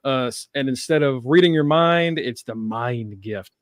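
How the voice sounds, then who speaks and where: A man's voice: mid-range voice, a little slow, no echo, clean studio sound. A man hosting a casual TV review chat, cursing and laughing often as he talks. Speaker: podcast host.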